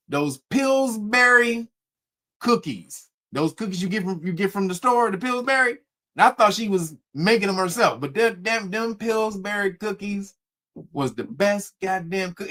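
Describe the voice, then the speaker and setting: Middle-aged guy telling stories to his viewers, bright voice, pitch jumps all over, cusses and laughs a lot. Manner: animated, swearing, laughing often. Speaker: host. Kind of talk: casual storytelling to viewers.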